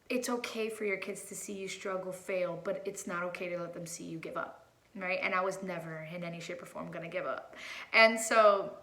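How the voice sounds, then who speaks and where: A woman's voice: mid-range voice, vocal fry, fairly bright tone, reverberant. A woman in her thirties, a mother telling a heartfelt personal story in a casual, rambling way with many fillers and restarts.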